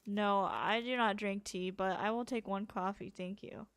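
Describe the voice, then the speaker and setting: A woman's voice: mid-range voice, fairly even intonation, normal speed, fairly bright tone, no echo, close to an everyday voice. Woman reading as a stiff overworked businessman. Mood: polite. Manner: formal, stilted phrasing. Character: stiff overworked businessman, man, late for meeting.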